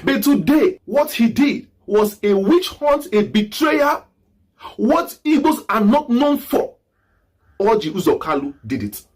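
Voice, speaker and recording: Fiery man with lively, swinging pitch. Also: measured pace. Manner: preachy, repetitive, rhetorical questions, bursts of shouting. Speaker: political commentary host. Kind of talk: impassioned political commentary.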